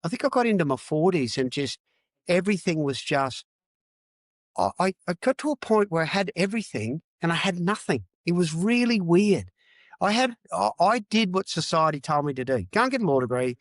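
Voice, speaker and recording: A man's voice: a little high, very animated, a little fast, dry recording. A man in his fifties, a former rugby player telling his story as a podcast guest in a raw, frank way, repeating words for emphasis. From Australia. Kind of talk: candid personal storytelling.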